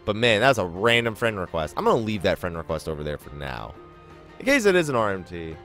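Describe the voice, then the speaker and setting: A man's voice: fairly low pitch, big pitch swings, brisk, a bit bright, soft background music. A man giving casual let's play commentary, chatty and rambling, laughing often. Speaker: gaming YouTuber.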